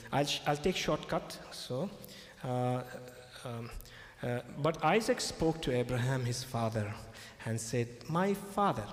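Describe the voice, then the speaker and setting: Emphatic male preacher in an echoey hall. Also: mid-range voice. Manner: emphatic, repetitive, checks in with "okay?". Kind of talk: sermon.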